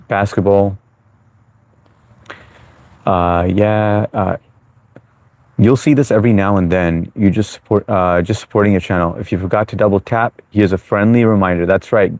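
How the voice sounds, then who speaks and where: Deep-voiced chatty man hosting a livestream. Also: a little mellow, no echo. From United States. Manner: chatty, reassuring, reads chat aloud, many fillers. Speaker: livestream host. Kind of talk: live chat Q&A. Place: New York.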